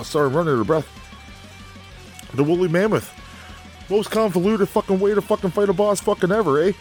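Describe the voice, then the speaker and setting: A man with a medium-pitched, slightly mellow voice co-hosts a video game review. In a profane comedic rant, he's angry and swears constantly, laughing between his insults and jabs.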